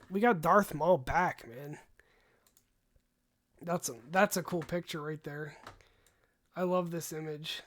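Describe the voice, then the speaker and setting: A young man chatting on a livestream into a desk mic, rambling and animated, breaking off for sighs and quick asides. His voice is starting to tire after long hours of talking. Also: high-pitched. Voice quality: voice tiring, gives out after long talk. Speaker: host. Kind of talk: casual livestream chat.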